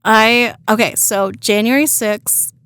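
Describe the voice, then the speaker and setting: Sarcastic young woman, slightly high voice. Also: slow pace, smooth, no echo. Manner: expressive, sighing, sarcastic asides. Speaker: podcast co-host. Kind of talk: casual chat.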